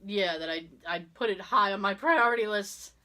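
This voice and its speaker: A woman co-hosting a casual podcast, telling stories in an animated way and acting out the people she quotes. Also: medium pitch, normal speed. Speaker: podcast co-host. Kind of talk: casual chat, storytelling.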